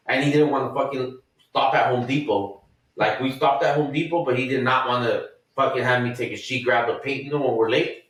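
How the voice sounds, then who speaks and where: A man's voice: medium pitch, a little fast, fairly bright tone, distant mic. A man on a podcast telling a rambling, profane story and acting out the lines other people said. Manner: profane, rambling storyteller who acts out quotes. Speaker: podcast co-host. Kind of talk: casual storytelling chat. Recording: very echoey room, off mic.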